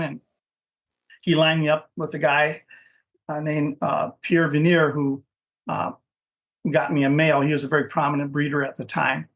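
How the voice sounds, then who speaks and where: A man's voice: fairly high pitch, fairly bright tone. A middle-aged man, a dog breeder, telling his story as a podcast guest in a rambling way, often restarting sentences and adding "you know". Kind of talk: casual interview storytelling.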